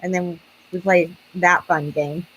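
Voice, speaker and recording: A woman's voice: lowish voice, fairly even intonation, a little slow, a bit bright, husky, lo-fi sound. A woman guest on a live-stream chat, telling stories and acting out what others said. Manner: chatty storytelling, acting out quotes. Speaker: paranormal investigator guest.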